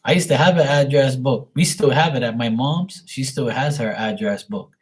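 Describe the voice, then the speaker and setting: A man's voice: medium pitch, normal speed. A man in his forties chatting casually as a stream host, rambling through stories with plenty of swearing. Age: 40s. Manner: rambling, profane, storytelling. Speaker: stream host answering paid questions. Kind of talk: casual chat.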